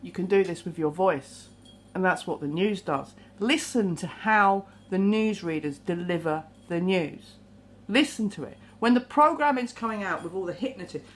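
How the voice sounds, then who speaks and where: A woman talking to camera in a rambling, animated monologue, swearing now and then. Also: medium pitch, moderate pace, slight background noise. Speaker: vlogger.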